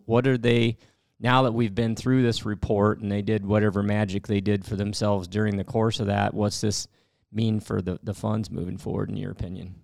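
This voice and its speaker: A man's voice: lowish voice, flat delivery, brisk, gravelly, darkish tone, no echo, clean studio sound. A man hosting a casual interview, asking rambling questions and restarting them often. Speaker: host.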